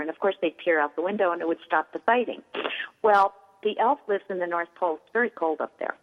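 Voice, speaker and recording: Middle-aged shop-owner guest, lively explainer, heard over a tinny line. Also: female voice, fairly low pitch, fast talker. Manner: animated, explains with acted-out examples. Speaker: toy store owner, guest. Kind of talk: radio interview. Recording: tinny phone line with long reverb.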